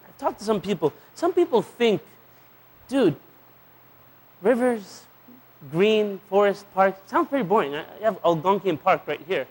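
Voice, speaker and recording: Man with a high-pitched voice giving a humorous sermon, acting out lively little scenes and using Arabic phrases. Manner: playful storytelling, acting out little dialogues; sprinkles Arabic religious phrases into English. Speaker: preacher. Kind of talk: humorous sermon to a live audience.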